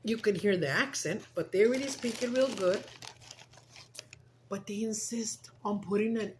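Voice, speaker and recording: A woman's voice: medium pitch, normal speed, low-quality recording. An older woman talks casually at home while eating on camera. She switches freely between English and Spanish and keeps breaking off to coax her pets over. A faint background noise sits under her voice. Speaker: mukbang vlogger.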